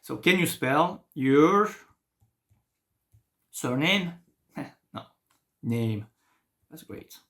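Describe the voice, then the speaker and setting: A young man with a French accent, a native French speaker explaining a beginner French lesson in English in a lively, encouraging way. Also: fairly high pitch, very slow, long pauses. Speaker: French teacher.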